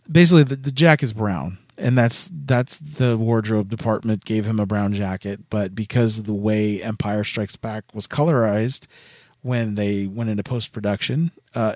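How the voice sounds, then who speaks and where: Man, low-pitched, casual solo rant, blunt, exasperated, dry sound. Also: darkish tone, no room sound. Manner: blunt, exasperated, swears freely.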